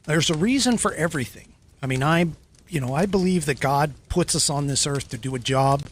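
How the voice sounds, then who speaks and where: An American man hosting a podcast, talking in a casual, halting way with many restarts. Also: on the high side, lively intonation, a little hiss or hum. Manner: halting, restarts, self-deprecating. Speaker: podcast host. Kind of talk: casual commentary.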